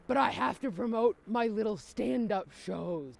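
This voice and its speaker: A woman's voice: on the high side, moderate pace, vocal fry, hardly any pauses, slight background noise. A woman comedian from Minnesota talking casually to camera while biking outdoors in freezing cold, teary-eyed and wry, swearing casually. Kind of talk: casual vlog talk to camera.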